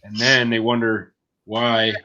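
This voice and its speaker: A man from Pennsylvania co-hosts a casual live chat, telling jokey stories and laughing along. His voice is bright and forward. The sound is a little dull and lo-fi. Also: mid-range voice, level tone, takes it slowly, a little hiss or hum. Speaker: livestream co-host.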